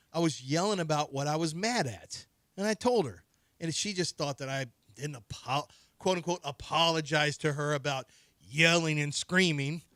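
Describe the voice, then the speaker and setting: A man in his forties co-hosting sports radio, telling stories in casual banter and getting loud as he acts out what people said. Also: fairly high pitch, dry recording, clean studio sound. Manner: animated storyteller, acts out quotes and gets loud when riled.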